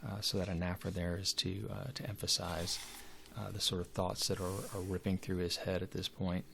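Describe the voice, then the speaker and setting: A man's voice: low-pitched, flat delivery, a little fast, creaky, fairly bright tone, a little hiss or hum. A man giving a literature lecture, hesitant and full of fillers and restarts. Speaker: literature teacher.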